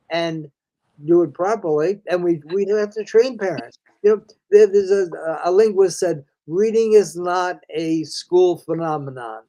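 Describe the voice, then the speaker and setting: An older man who is a reading specialist explains things in a folksy, conversational way, calling the listener "friend" and frequently restarting his sentences. His voice sits high with a dark tone, and the audio is poor.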